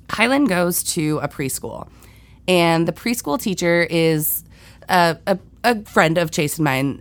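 A woman in her thirties hosting a podcast, telling stories in a casual, candid way, swearing freely and laughing often. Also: lowish voice. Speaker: podcast host. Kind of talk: casual storytelling monologue.

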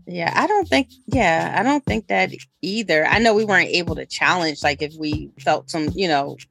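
A woman hosting a podcast in casual chat, agreeable, with quick trailing sentences. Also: fairly low pitch, lively intonation, vocal fry, fairly bright tone, breathy edge.

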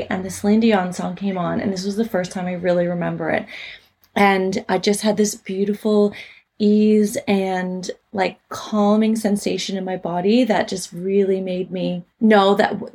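A woman's voice: medium pitch, vocal fry, darkish tone. Young canadian woman podcasting, earnest rambly storytelling, lots of likes and ums. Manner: earnest, chatty, lots of fillers like "like" and "um". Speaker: podcast host. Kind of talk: personal storytelling chat.

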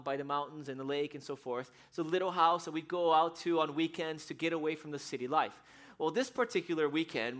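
A man who grew up in Brazil, preaching a sermon and telling a personal story in a lively, animated way. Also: fairly high pitch. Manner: animated storyteller, acts out scenes with shouts. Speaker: pastor.

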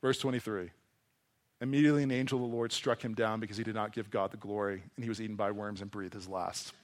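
A man preaching a sermon to a congregation in a conversational, animated way, often acting out voices as he reads and explains scripture. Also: on the low side, fast talker. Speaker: pastor. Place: church hall before a congregation.

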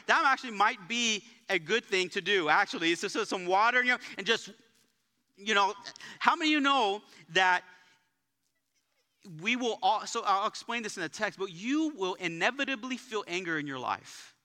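Lively high-voiced pastor preaching. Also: male voice, fairly quick. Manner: energetic, conversational, tells jokes and stories. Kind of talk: sermon. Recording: live church sanctuary with long reverb.

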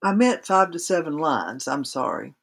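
A woman's voice: low voice, very animated, normal speed, creaky, husky. A woman guest on a podcast interview, explaining writing craft in a conversational way with practical examples.

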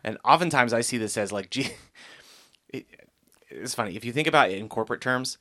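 A man's voice: mid-range voice, lively intonation, brisk, a bit bright. A man co-hosting a casual Bible discussion podcast, chatty, often laughing and acting out quotes in little voices. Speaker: podcast co-host.

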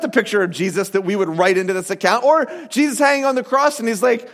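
Man, pastor, sermon, animated, conversational, high voice, echoing hall. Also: fast, few pauses. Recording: reverberant hall.

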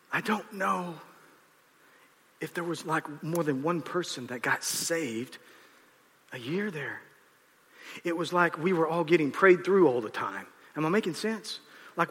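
A man in his fifties, a pastor preaching a storytelling sermon in an animated way, often acting out the people he quotes. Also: a little high. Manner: animated, acts out quotes, restarts. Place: large church auditorium. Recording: reverberant hall.

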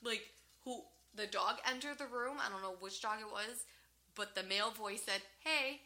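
Female podcast co-host, lively storyteller, bright tone, cusses freely. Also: mid-range voice, normal speed. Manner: animated, swears freely, laughs often. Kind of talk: casual storytelling chat.

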